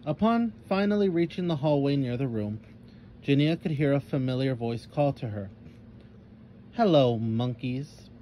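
A man's voice: medium pitch, lively intonation, moderate pace, mellow, slight background noise. Man reading a children's story aloud.

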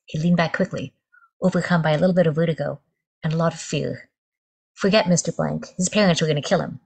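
A woman author reads her story in a measured, descriptive manner. Her voice sits very low for a woman. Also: gravelly, a little mellow, slightly rough. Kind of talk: reading fiction aloud.

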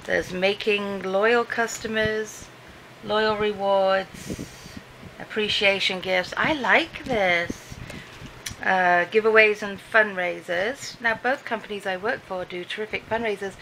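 A woman's voice: medium pitch, fairly even intonation, moderate pace, bright, forceful tone, a little hiss or hum, rough recording. A British woman chatting casually to the camera at home, rambling and easily amused as she talks through her day. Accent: British English. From Britain. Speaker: vlogger. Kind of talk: casual vlog chat. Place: home, indoors, dim room.

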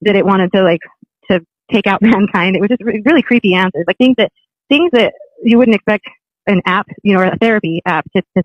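A man's voice: high voice, dry recording, highs cut off. A man telling a personal story in a rambling, casual way, often restarting. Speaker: guest recounting a personal experience.

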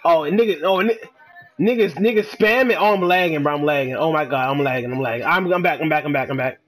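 A man giving excitable, trash-talking commentary while he plays a game, dropping to low mutters and then bursting into shouts. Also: fast talker, soft background music. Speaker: gamer. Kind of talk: live gameplay commentary.

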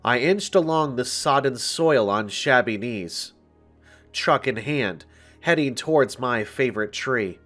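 A man narrating a scripted first-person scary story in a slow, deliberate way. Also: mid-range voice, expressive, a bit bright. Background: faint music.

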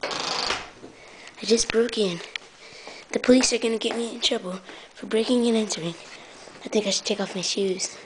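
A woman voicing a hyperactive, easily scared little boy in an amateur comedy impression video, with a squeaky, shrieking voice and frantic outbursts between babbling chatter. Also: expressive, a little slow, noisy background. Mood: hushed.

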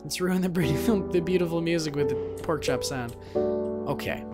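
A man giving rambling, excitable commentary as he plays a video game. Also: fairly high pitch, moderate pace. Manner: rambling, self-interrupting, excitable. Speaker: let's play host. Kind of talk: casual gameplay commentary. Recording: game music playing behind.

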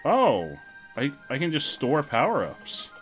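Young male streamer, lively swooping delivery, playful running commentary over soft game music. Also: mid-range voice, unhurried. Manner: excitable, expressive, jokey. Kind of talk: casual gameplay commentary.

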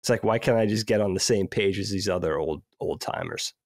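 A man's voice: lowish voice, fast talker, darkish tone, no room sound, studio quality. A man in his fifties with a stuffed-up head cold voice, joking about himself as a podcast co-host. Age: 50s. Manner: self-deprecating, joking. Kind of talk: casual podcast chat.

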